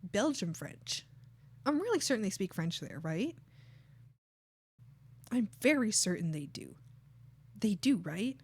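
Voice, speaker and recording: A woman streamer in casual livestream chat, rambling and thinking aloud to her chat, swearing freely and breaking into excited exclamations. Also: medium pitch, unhurried, long pauses, slightly rough, no echo. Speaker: art streamer.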